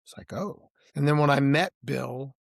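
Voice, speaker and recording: A man's voice: medium pitch, little pitch movement, moderate pace, creaky, no room sound, clean studio sound. A man being interviewed as a blues musician, chatting casually and telling stories with restarts and "you know"s.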